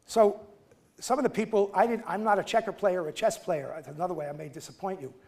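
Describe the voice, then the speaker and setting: A man in his seventies giving a lecture, telling personal stories conversationally with halting restarts. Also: high voice, fairly even intonation, gravelly, a little mellow. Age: 70s. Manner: conversational, halting restarts, acts out quoted voices. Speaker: guest lecturer. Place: lecture hall.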